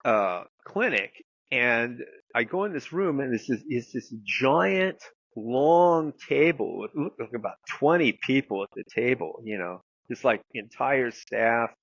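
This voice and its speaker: A man's voice: mid-range voice, lively intonation, measured pace, fairly bright tone, dry recording, dull audio. A man guest telling a long story in casual, rambling talk, full of fillers and the odd swear word. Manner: rambling anecdote with many fillers and some swearing. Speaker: guest therapist.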